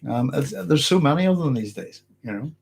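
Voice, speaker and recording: Husky Northern Irish man with a cold. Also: a little high, lively intonation, a little fast. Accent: Northern Irish, mixed. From Northern Ireland. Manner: rambling, many restarts, chuckles often. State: has a cold, hoarse throat. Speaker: host answering live chat. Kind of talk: casual livestream Q&A.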